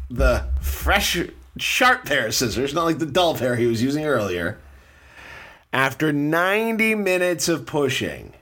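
A young man hosting a casual chat, telling a story in an animated way with frequent laughter. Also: a little high, slightly rough.

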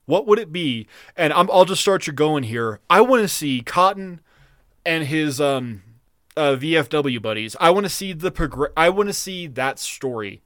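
A man chats casually as a podcast co-host, rambling and cursing freely as his thoughts run ahead of him. His voice sits a bit high for a man. The sound is dry, with no room around it. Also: moderate pace, no room sound. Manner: rambling, profane, excitable. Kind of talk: casual chat.

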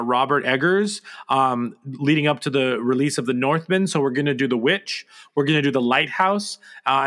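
A man's voice: medium pitch, fairly bright tone. A man co-hosting a casual podcast, talking in a hesitant, rambling way with many ums and restarts. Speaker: podcast co-host and producer.

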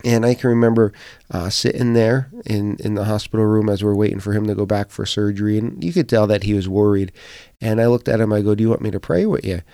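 A middle-aged man with a low, dark, gravelly voice delivers a podcast devotional. He sounds earnest and encouraging, conversational with plenty of fillers, recorded dry and close. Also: flat delivery, fairly quick, no room sound.

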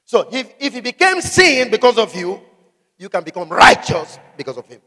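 A man preaching a sermon, asking the congregation questions and shouting out scripture. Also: high voice, very animated, moderate pace, in a large hall. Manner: emphatic call-and-response preaching, shouting scripture.

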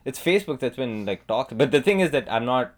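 A male comedian chats casually on a podcast. He rambles and restarts, mocking himself. His pitch swings widely as he talks. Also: animated, fairly quick. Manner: rambling, self-deprecating, restarts often.

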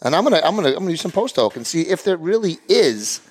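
A man's voice: fairly high pitch, very animated, quick pace, breathy edge. A man hosting a casual podcast chat, easygoing and jokey, often repeating himself. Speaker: podcast host.

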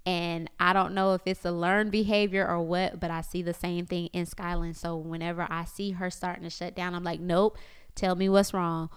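A woman in her thirties talking casually to her viewers about parenting, animated and chatty, often slipping into voices of her family. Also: on the low side, a little fast, hardly any pauses, clean tone. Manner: chatty and animated, mimics family members, lots of "like". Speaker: parenting vlogger. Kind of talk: casual confessional chat.

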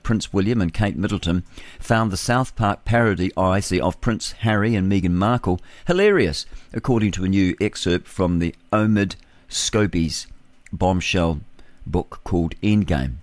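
Dry, low-voiced New radio host. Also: male voice, moderate pace, no echo. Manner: scornful remarks between headlines. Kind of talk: reading news headlines with opinionated asides.

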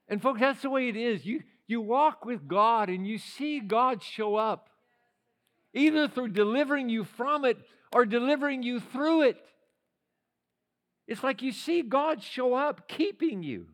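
An older male pastor preaching a sermon in a church, swinging from loud shouted passages to quiet, conversational storytelling. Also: very high voice, measured pace. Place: church sanctuary.

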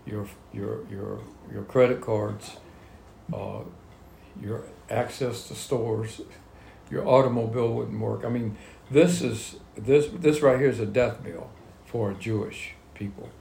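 Reading scripture and then unpacking it in everyday conversational language, this man guides a Bible study. He speaks in a lowish, gravelly yet mellow voice at a measured pace. There's slight background noise, and the room is echoey with faint ambience.

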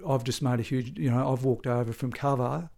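An Australian man with a gravelly, creaky voice tells his story in a relaxed interview. He speaks at a middle pitch, often stopping to restart and correct his sentences as he searches for the details. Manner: halting, self-correcting, with frequent restarts and fillers. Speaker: former police sergeant telling his story. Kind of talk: conversational interview recollection.

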